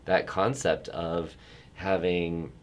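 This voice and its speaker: Deep-voiced rambling middle-aged man. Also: slow pace. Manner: rambling, self-interrupting storyteller who gets animated. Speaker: travel industry guest. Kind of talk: casual chat.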